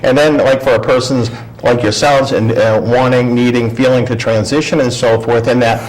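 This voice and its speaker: A man's voice: medium pitch, steady tone, moderate pace, poor audio. A middle-aged man, a guest on a talk show, telling a personal story in a casual way. He acts out the voices he quotes and often restarts his sentences.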